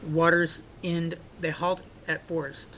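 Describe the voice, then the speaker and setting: Unhurried and sharp-toned, with little pitch movement, this man reasons out loud over a puzzle for his video channel. His casual on-screen analysis is packed with fillers and false starts, and the poor audio carries a faint background rumble.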